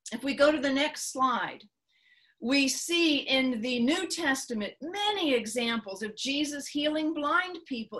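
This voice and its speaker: A woman preaching a sermon, earnest and repetitive, slowing down to stress key lines. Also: high-pitched, fairly bright tone. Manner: earnest, repeats phrases, slows for emphasis. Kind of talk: sermon teaching.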